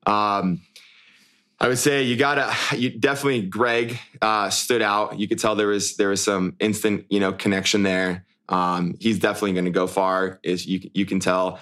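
Young male co-host, lowish voice, loose rambling chat full of restarts. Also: flat delivery, moderate pace, fairly bright tone. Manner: rambling, many restarts and fillers. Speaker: podcast co-host, former show lead. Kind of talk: casual chat.

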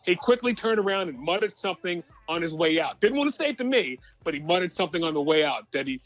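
A man telling a personal story on a sports podcast, animated but halting, with many uhs and restarts. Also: high-pitched, lo-fi sound. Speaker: regular guest co-host. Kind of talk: casual storytelling.

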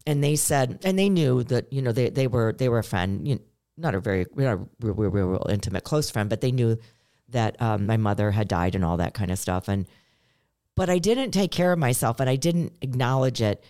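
A woman's voice: very deep voice, fairly quick. A middle-aged woman co-hosting a podcast, telling a personal story in an earnest, conversational way and acting out the lines she quotes. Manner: earnest, storytelling, animated when quoting. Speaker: podcast co-host. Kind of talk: casual chat.

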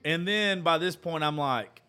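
A man's voice: a little high, a little slow, pushed and bright, clear, resonant tone. Profane, laughing male storyteller. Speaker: podcast host. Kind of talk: casual storytelling chat.

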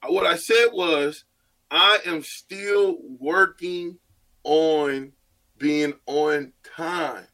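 A man co-hosting a sports radio show, joking loudly and acting out stories in casual banter. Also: fairly high pitch, very slow. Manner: playful storyteller, loud and animated. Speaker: radio co-host.

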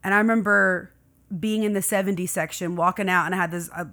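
Animated woman telling stories. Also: lowish voice, fast talker. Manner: animated storyteller who acts out quoted people. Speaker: podcast guest, host's wife. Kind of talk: casual chat.

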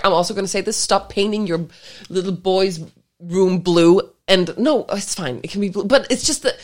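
A woman co-hosting a podcast, blunt and sweary in casual chat, laughing often. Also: mid-range voice. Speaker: podcast co-host.

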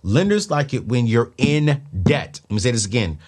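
A man's voice: mid-range voice, moderate pace, hardly any pauses. A man hosting a podcast, talking casually and with emphatic, preachy bursts to his listeners. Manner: animated, preachy, rising to loud emphatic bursts. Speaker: podcast host.

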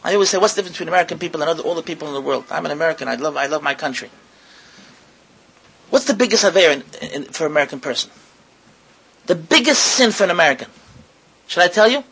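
A man preaching in a high, bright, slightly husky voice. He swoops up and down in pitch, fires rhetorical questions at his listeners and repeats words as he builds a point. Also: animated, very fast, pauses often, low-quality recording. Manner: mixes in Hebrew and Yiddish words. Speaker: rabbi giving a talk. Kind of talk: sermon to an audience.

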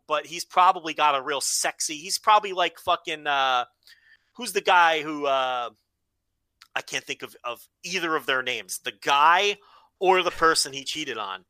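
A man's voice: on the high side, expressive, normal speed, bright, forceful tone, no room sound. A man co-hosting a podcast in loose, profane, joking chat. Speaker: podcast co-host. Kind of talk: casual chat.

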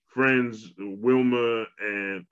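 A man co-hosting a podcast conversation, retelling a cartoon episode in a lively storytelling way and closing with an earnest message to listeners. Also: fairly low pitch, very slow, clear, resonant tone. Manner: animated storyteller, preachy wrap-up. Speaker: podcast co-host. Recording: dull lo-fi sound.

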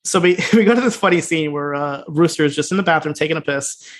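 A man co-hosting a podcast, loosely retelling an episode in casual chat and acting out the lines he quotes. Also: fairly high pitch. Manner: fast, loose retelling with voiced quotes and laughs. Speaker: podcast co-host.

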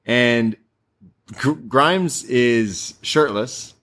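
A young man co-hosting a casual podcast, recapping a show and putting on squeaky voices when he quotes people. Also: very slow. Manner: animated, puts on squeaky voices when quoting wrestlers. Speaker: podcast co-host.

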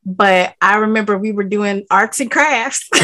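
Podcast co-host, woman, medium voice, relaxed meandering storyteller. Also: medium pitch, a little slow, noisy background. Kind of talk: casual chat.

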